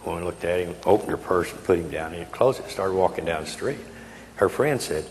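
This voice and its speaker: Eighty-year-old man, keynote speech, very low voice, long hall reverb, folksy and emphatic. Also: expressive, a little fast, a little mellow. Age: 80s. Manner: folksy, emphatic, with frequent hesitations. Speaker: keynote speaker. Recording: reverberant hall, faint noise.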